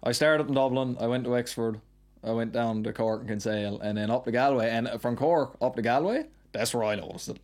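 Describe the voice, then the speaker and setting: Newfoundland man, 30s, rapid rambling storyteller, broad local accent. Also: medium pitch, a little mellow. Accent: Newfoundland Southern Shore. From Newfoundland, Canada. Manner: rambling, storytelling, quick with local turns of phrase. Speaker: podcast guest. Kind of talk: casual chat.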